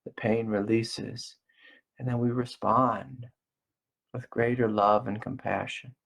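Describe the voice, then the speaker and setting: A middle-aged man giving a gentle, slow spiritual talk as a meditation teacher, repeating phrases softly. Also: medium pitch, flat delivery, vocal fry. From United States. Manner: slow, gentle and soft-spoken with repetitions.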